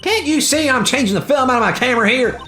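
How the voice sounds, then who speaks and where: Loud Southern gal camper, sharp-tongued, high and lively, voiced by a woman. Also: quick pace, roomy sound, soft background music. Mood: scolding. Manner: loud, drawling, scolding.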